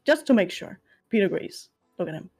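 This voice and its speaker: A woman's voice: medium pitch, big pitch swings, fairly quick, darkish tone, breathy edge, faint music behind. A young woman hosting a comedic mock funeral on a stream, making dry, playful, rambling asides.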